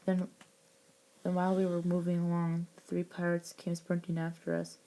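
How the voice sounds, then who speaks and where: A woman reads her own adventure story aloud in a low, mellow voice. Her delivery stays flat and even, and she often stumbles and restarts mid-sentence. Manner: halting, with frequent restarts. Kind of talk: reading a homemade story aloud.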